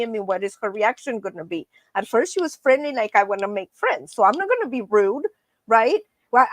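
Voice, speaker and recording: A woman's voice: a little high, no echo. A woman hosting a casual live stream, chatty and laughing often as she talks to her viewers as friends.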